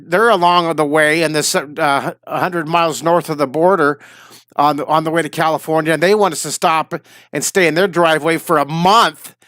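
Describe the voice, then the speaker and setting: Chatting loosely with viewers on his live stream, a drawing teacher in his fifties comes across as weary and a little wheezy. His voice sits high and is a bit bright with a clean tone, recorded at studio quality without any room sound.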